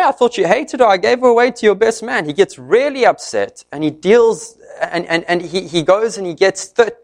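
Guy preaching, retelling a story all animated, voice kinda high, pitch all over the place. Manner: animated storytelling, voicing the characters' lines.

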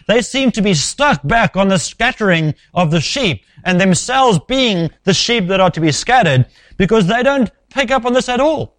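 A man preaching an expository sermon, measured and emphatic, often dropping low at the ends of phrases. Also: a bit bright, no echo.

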